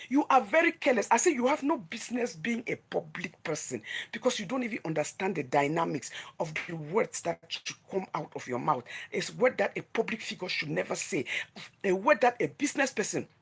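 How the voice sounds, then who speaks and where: A woman's voice: mid-range voice, sing-song, fairly quick, creaky, a little hiss or hum. A woman with a Nigerian accent, a vlogger running her own gossip news channel, delivers a heated, confrontational rant that scolds her target with emphatic repetition.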